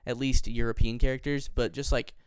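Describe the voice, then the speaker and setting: A man's voice: mid-range voice, level tone, brisk, clean tone, dry recording. A man co-hosting a podcast in casual, joking, rambling chat, laughing often. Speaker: podcast co-host.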